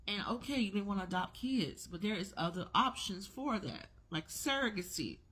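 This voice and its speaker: A woman's voice: medium pitch, expressive, normal speed, hardly any pauses, a bit bright, husky. A woman in her forties speaking in a casual opinion vlog, talking emphatically and repeating her key words. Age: 40s. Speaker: vlogger.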